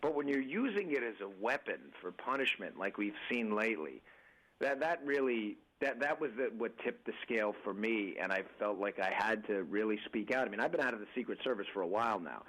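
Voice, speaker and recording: A man's voice: fairly low pitch, expressive, brisk, fairly bright tone, rough recording. Emphatic man on a radio interview. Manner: emphatic, restarts often, addresses listeners as folks. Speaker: political candidate and guest.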